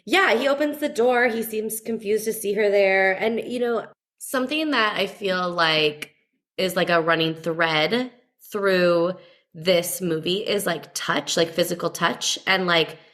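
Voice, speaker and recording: A woman's voice: mid-range voice, measured pace, fairly bright tone. A young woman co-hosting a podcast in casual chat, talking with lots of "like" fillers. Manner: chatty, many "like" fillers. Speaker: podcast co-host.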